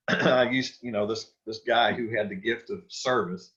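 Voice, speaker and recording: A man's voice: fairly low pitch, fairly even intonation, measured pace, a bit bright, highs cut off. A man teaching a church Sunday school class, talking casually with restarts and questions to the group. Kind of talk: Bible study lesson.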